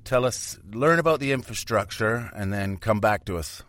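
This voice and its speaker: A man's voice: fairly low pitch, normal speed, fairly bright tone, no room sound. A man from Canada, chatting casually as a podcast co-host, joking and swearing as he goes. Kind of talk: casual chat.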